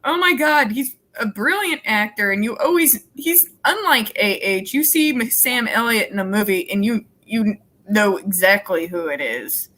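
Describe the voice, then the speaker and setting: A woman chatting casually as a stream guest, excitable and full of exclamations. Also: mid-range voice, normal speed. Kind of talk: casual chat.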